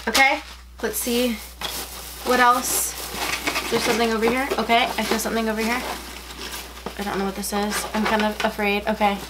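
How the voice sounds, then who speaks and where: A young adult woman chatting at home as she unboxes a package, gushing and gasping with excitement as she rambles on. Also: fairly high pitch, normal speed, long pauses, heavy background noise. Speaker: unboxing vlogger.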